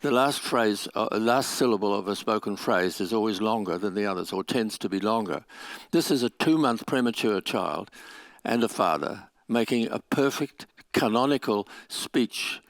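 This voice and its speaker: A man lectures at an academic conference, explaining carefully and sometimes restarting his sentences. His voice sits fairly low. The sound is dry, with no room echo. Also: expressive, moderate pace. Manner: explanatory, with restarts and small laughs. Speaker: conference speaker. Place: lecture venue.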